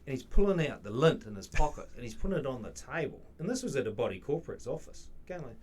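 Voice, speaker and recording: Give me a lively man telling stories, mid-pitched, with faint noise behind him. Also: fast talker. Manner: animated storyteller, acts out both sides of conversations. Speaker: podcast guest, facility manager. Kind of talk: casual conversation.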